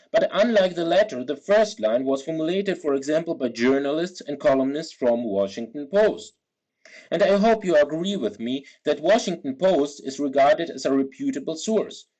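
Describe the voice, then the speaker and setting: A man's voice: fairly high pitch, lively intonation, normal speed, a little mellow, poor audio. A man giving an academic philosophy talk in a careful, structured way. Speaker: lecturer.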